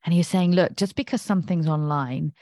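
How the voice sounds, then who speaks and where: A woman's voice: low voice, fairly quick, warm tone, dry recording, clean studio sound. An English woman hosting an astrology podcast, talking in a chatty, digressive way and laughing at herself. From England. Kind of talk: casual rambling monologue.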